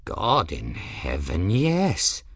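A testy, eccentric old teacher with theatrical outbursts, as a man plays him. His low voice swings widely in pitch, recorded dry and close. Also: wildly swooping pitch, a little slow, creaky, sharp tone, no room sound, full character voice. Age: older.

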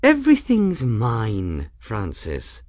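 A man's voice: fairly low pitch, wildly swooping pitch, takes it slowly, darkish tone, no room sound, clean studio sound, exaggerated voice. A man voicing a playful, flirtatious female sky-pirate captain with a merry, mocking manner in an audiobook. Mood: teasing. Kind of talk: audiobook character voice.

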